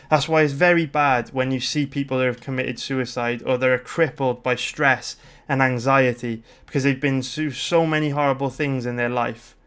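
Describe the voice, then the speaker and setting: A British man in his thirties talks on a livestream in a smooth, clear voice at an ordinary middle pitch. He rambles through his story with lots of fillers, restarts and swearing, in a loose, casual chat. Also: a bit bright. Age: 30s. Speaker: livestream host.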